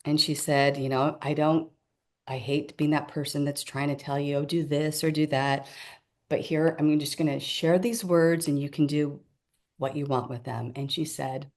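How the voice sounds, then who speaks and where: A woman's voice: deep voice, fairly even intonation, normal speed. A middle-aged woman, a podcast guest, earnestly telling a reflective personal story in a casual conversation. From Filipino heritage.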